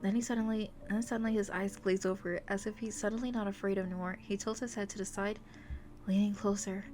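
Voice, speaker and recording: A woman's voice: mid-range voice, steady tone, quick pace, a little mellow, slight background noise. Giggly woman streamer reading romance aloud. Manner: giggly, gushing asides between dramatic narration. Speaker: VTuber streamer. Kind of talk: reading a romance visual novel aloud with reactions.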